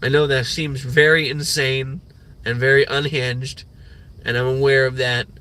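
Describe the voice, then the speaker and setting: A man's voice: medium pitch, flat delivery, measured pace, bright, forceful tone. A young man streaming a rambling morning rant, full of fillers and swearing. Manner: rambling, profane, filler-heavy. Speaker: livestreamer.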